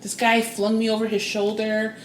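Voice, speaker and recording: Telling a personal story as a podcast guest, a psychic and spiritual coach speaks at a moderate pace with lively, expressive delivery. She takes on the voices she quotes with big pitch jumps, in an echoey room with slight background noise.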